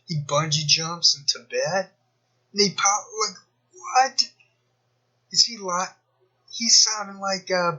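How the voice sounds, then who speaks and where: A slightly high-pitched man talks in a sharp, bright, husky voice, rambling through sarcastic commentary and mocking asides. The sound is dull and lo-fi, like a cheap home microphone. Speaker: commentary YouTuber. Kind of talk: rambling screen-share commentary.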